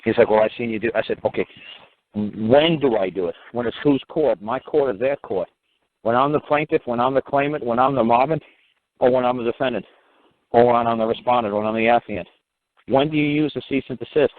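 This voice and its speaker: A man's voice: mid-range voice, a little fast. A man with a New York accent talking bluntly and profanely, acting out quoted exchanges as he gives advice on a call-in show. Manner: blunt, profane, animated storytelling with mocking quotes. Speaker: talk show guest giving advice. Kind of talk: casual phone-in talk. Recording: tinny phone line.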